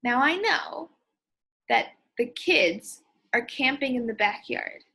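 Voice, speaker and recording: A woman teacher explaining and demonstrating expressive reading aloud in a reading lesson. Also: sits high, slow, husky.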